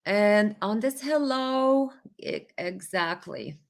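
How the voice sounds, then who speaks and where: A woman's voice: medium pitch, lively intonation, takes it slowly. A woman hosting a live stream, reading viewer comments and giving opinionated, sarcastic commentary with many fillers.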